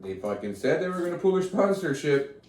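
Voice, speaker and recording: A man co-hosting a comedy podcast, firing off crude, quick deadpan jokes in casual chat. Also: fairly high pitch. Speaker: podcast co-host. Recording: echoey room, distant mic, faint noise.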